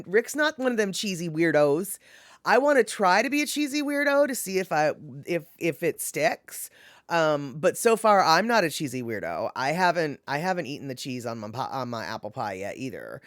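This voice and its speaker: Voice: mid-range voice, no echo, clean studio sound. A live streamer in casual chat, rambling with many fillers and self-corrections while answering viewers by name.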